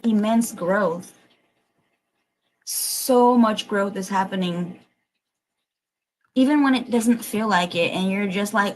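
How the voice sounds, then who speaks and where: A woman reads tarot cards for a live audience in a mid-pitched voice, pressing her points with blunt, encouraging insistence. She is emotional and casual, and drops in swear words as she urges listeners on. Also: steady tone, moderate pace, poor audio. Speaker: tarot reader. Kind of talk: livestreamed collective card reading.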